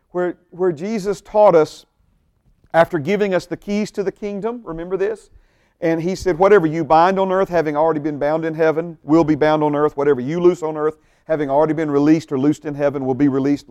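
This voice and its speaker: A man's voice: a little high, darkish tone. A man preaching a sermon as pastor, emphatic, often repeating words and checking in with the congregation. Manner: emphatic, repeats words, asks the audience questions.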